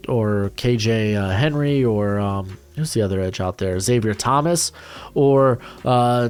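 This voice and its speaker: Young man, casual draft analyst, rambling with fillers and blunt asides, mid pitch, faint music bed.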